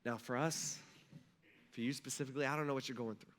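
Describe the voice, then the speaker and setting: Guy pastor preaching in church, bright voice, gets loud acting out the quotes. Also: mid-range voice, steady tone, quick pace. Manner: conversational, acts out quotes with rising intensity. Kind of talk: sermon. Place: church sanctuary.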